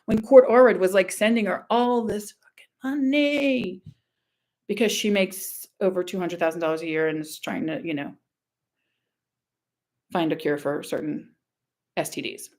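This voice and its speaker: A woman's voice: on the low side, fairly even intonation, normal speed, darkish tone. A woman from Louisiana reading screenshots aloud in a casual vlog, blunt, sarcastic and profane. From Louisiana, USA. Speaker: online commentator.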